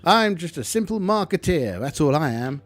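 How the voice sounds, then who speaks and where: A man's voice: fairly high pitch, very animated, normal speed, no echo, pitched above the performer's own voice. A man voicing a sinister, theatrical male marketeer who speaks through a speaker, gleeful and mocking. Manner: gleeful, mocking, sing-song menace.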